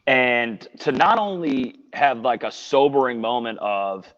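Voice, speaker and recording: Talking a little fast with hardly any pauses, a man who reports for sports radio shares a story in a relaxed podcast conversation. His medium-pitched delivery is earnest, rambling, and full of restarts, heard through dull lo-fi audio with a long reverb tail.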